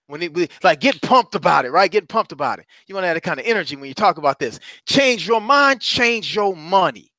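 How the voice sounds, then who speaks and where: A man gives a motivational talk as a courage coach, leaning on repetition like a preacher. His voice sits high and sounds bright and forward. The recording is close and dry. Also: animated, racing, few pauses, no room sound. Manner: preacherly, addresses listeners as brothers and sisters; emphatic, repeats phrases for effect.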